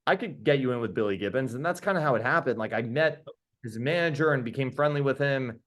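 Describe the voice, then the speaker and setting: A man, a podcast host, telling stories in casual chat as a guest, animated and enthusiastic with quick restarts. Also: medium pitch. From New York. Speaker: podcast host being interviewed. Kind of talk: casual storytelling.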